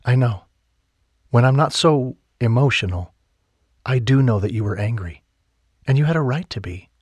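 An emotional young woman in a romance audiobook, put on by a male narrator. The voice is lifted higher and turns soft and breathy at tender moments, with a husky edge and dry, close recording. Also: lively intonation, moderate pace, dry recording.

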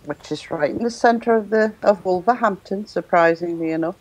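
A woman's voice: medium pitch, moderate pace, a little mellow, dull audio. A woman co-hosting a web chat show, reading out an announcement and bossing the others about in fun. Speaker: co-host of a vaping web show. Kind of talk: casual chat with a spoken announcement.

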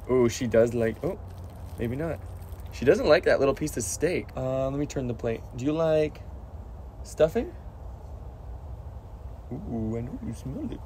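Brief: man vlogger, casual and playful, lively swoops into baby talk for his pet. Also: mid-range voice, unhurried, pauses often, a little hiss or hum.

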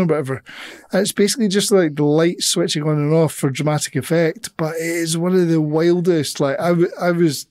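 Male podcast co-host, slightly higher voice, loose rambling delivery with swearing. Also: fairly even intonation, brisk, darkish tone. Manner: rambling, swears, laughs often. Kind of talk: casual film review chat.

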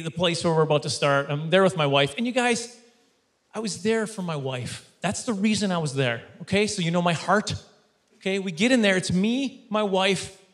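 A man doing stand-up in front of a studio audience, his voice high and bright. He tells the story with animated energy and slips into quick mock voices for others. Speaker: stand-up comedian. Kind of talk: stand-up comedy routine. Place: stage before a live studio audience.

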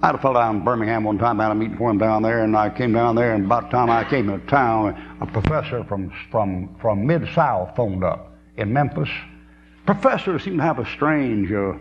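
A fairly low-pitched voice, a little fast, belongs to a man in his 70s preaching a folksy sermon. He tells stories, laughs often and drawls through asides. Dull lo-fi tape with a faint hum carries the recording.

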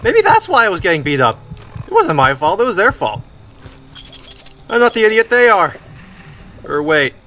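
A young man commenting on a video game he is playing, excitable and swearing, often yelling at the game. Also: high voice, normal speed, long pauses. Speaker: let's play gamer. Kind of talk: gameplay commentary. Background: game music.

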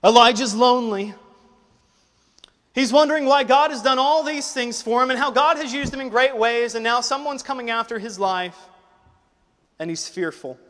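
A young man delivers a sermon in a fairly high voice, building to loud, driving exhortation and then dropping to a quiet, emotional tone for his own story. His voice rings out with the long reverb of a church hall. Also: moderate pace. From United States. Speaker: preacher. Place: church auditorium.

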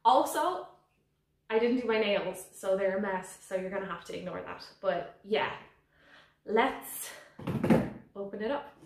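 A woman unboxing plants in a casual vlog, gushing and giddy, sometimes squealing with excitement. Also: medium pitch, measured pace, long pauses, heavy background noise. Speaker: plant vlogger. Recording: echoey room.

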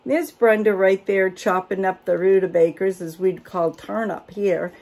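A woman's voice: mid-range voice, steady tone, measured pace, gravelly, darkish tone. An older woman, chatting casually and reading a cookbook aloud with folksy asides. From Maine. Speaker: homestead vlogger.

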